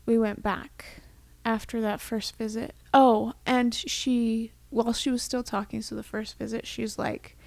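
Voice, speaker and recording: This young female podcast co-host rambles through a casual chat full of fillers, tender and on the verge of tears. Her voice is on the high side and darkish, with vocal fry, little pitch movement, a slightly slow pace, and few pauses. There's no room sound.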